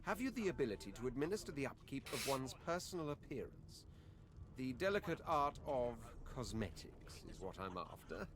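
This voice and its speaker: A man's voice: medium pitch, very animated, normal speed, close to an everyday voice. An actor playing a haughty, aristocratic male lizard prince in a video game, speaking in a pompous, drawling, condescending way.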